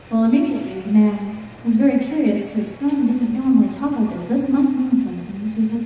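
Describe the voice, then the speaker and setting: A woman's voice: a little high, a little fast, hardly any pauses, dark tone, a little hiss or hum. A woman telling a folk tale to a live audience, with playful, teasing asides to the listeners. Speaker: storyteller. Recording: echoey hall from far off.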